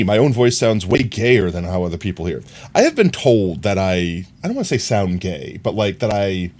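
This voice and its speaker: A man livestreaming, chatting casually with his viewers in an animated, filler-heavy way. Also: on the low side.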